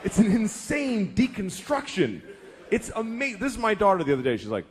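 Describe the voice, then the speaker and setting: Man in his 40s, stand-up comic, swinging pitch, swears a lot, exasperated storytelling. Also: wildly swooping pitch, normal speed, slightly rough. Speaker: stand-up comedian. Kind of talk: stand-up comedy.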